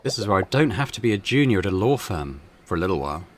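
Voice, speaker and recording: A man's voice: deep voice, very animated, fast talker, a little hiss or hum. A man reading the lines of a young woman lawyer on holiday, the heroine of a game.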